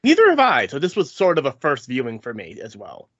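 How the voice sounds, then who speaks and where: A man's voice: medium pitch, wildly swooping pitch, brisk, a bit bright, slightly rough, no echo. A man co-hosting a podcast, filling in background in a matter-of-fact way. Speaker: podcast co-host. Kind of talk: casual podcast chat. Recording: dull lo-fi podcast mic.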